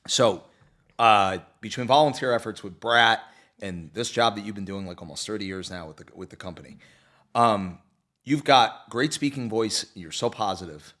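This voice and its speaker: A man's voice: fairly low pitch, fairly bright tone. A man hosting a casual studio talk show, joking and acting out movie scenes as he chats with a guest. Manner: jokey, quick to act out movie scenes.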